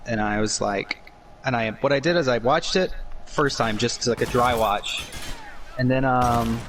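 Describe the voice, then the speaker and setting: A man's voice: medium pitch, unhurried, background noise. Earnest man explaining his craft. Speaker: guest, game commentator. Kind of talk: casual podcast chat.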